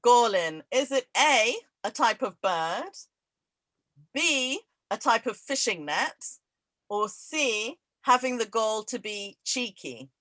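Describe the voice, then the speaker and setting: A woman hosting an online quiz over a video call, laughing often and reading each question twice, slowly. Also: on the high side, lively intonation, a bit bright, dry recording, poor audio. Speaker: event host running a quiz. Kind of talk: casual online event chat.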